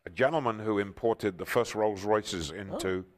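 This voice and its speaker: An older man, a talk show guest telling stories with enthusiasm and loud, excited outbursts. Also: on the low side, moderate pace. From England. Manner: enthusiastic, bursts into loud exclaiming when excited. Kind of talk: animated storytelling interview.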